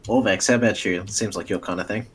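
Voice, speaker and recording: A man's voice: on the low side, fairly even intonation, fast, fairly bright tone, a little hiss or hum. A man playing in a tabletop game, casually thinking aloud. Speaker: player.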